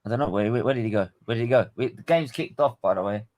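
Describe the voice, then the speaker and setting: A man's voice: medium pitch, fast talker. A man with a London accent hosting a live football watchalong, chatting casually, swearing and laughing as he tells stories. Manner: laughing, swearing, animated storytelling. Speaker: stream host.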